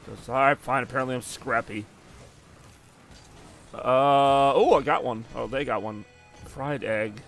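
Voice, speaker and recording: A male streamer talks loosely through a live car soccer match. His voice sits at an ordinary middle pitch. He rambles and jokes as he answers the chat between plays. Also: measured pace, creaky, pauses often, a bit bright, faint music behind.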